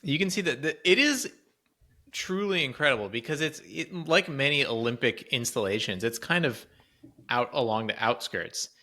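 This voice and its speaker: A man's voice: mid-range voice, animated, normal speed, bright, forceful tone. A man co-hosting a podcast, telling a rambling travel story in casual chat, laughing often. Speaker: podcast co-host.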